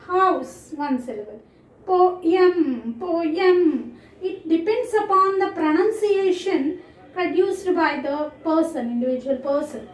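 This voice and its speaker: A woman's voice: very high voice, echoey room, recorded from a distance, poor audio. A woman teaching a class of children, speaking English with an Indian accent, repeating words and calling the class "children" again and again. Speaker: school teacher. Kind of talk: online English lesson.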